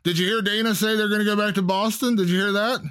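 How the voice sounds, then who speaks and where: A man's voice: high-pitched, fairly even intonation, fast talker, fairly bright tone, smooth. A man hosting an interview, chatty and enthusiastic, asking leading questions. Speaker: podcast host. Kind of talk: casual interview chat.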